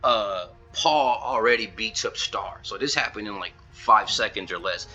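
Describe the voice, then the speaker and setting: A man with a very bright, forceful voice pitched a little low talks through a game-versus-manga comparison. He keeps it loose and chatty, stringing quotes together with "he's like," ums and uhs. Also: normal speed, faint music behind, rough recording. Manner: retells scenes in a loose run of "he's like" quotes, with fillers. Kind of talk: casual commentary video.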